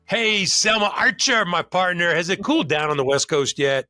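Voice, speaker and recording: Bright-voiced jovial male podcast host. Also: high voice, animated, normal speed, no room sound, soft background music. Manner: jovial, upbeat, joking. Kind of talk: casual podcast hosting.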